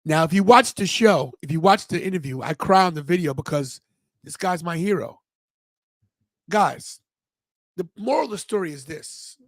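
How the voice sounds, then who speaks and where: On the high side and at a normal pace, this middle-aged podcast host's voice comes through with no room sound. He shares a personal story as an emotional monologue, animatedly acting out its characters with quoted voices.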